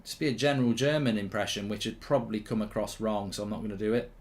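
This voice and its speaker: A man's voice: fairly low pitch, steady tone, fast talker. A man hosting a live football watchalong, chatting casually, reading viewer comments aloud and often repeating himself.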